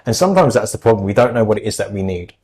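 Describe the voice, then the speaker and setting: A man's voice: fairly low pitch, big pitch swings, very fast, darkish tone, slight background noise, poor audio. A man, an anxiety specialist, giving earnest, reassuring advice in a podcast conversation, with lots of fillers.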